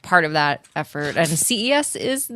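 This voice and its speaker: A woman giving measured, thoughtful takes in a casual roundtable chat. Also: sits low, sing-song, pushed and bright, dry recording.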